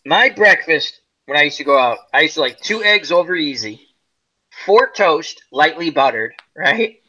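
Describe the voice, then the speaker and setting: A man's voice: a little high, normal speed, breathy edge, poor audio. A middle-aged man hosting a casual group chat, animatedly telling stories and acting out the people in them. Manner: animated storyteller, acts out quoted people. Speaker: host.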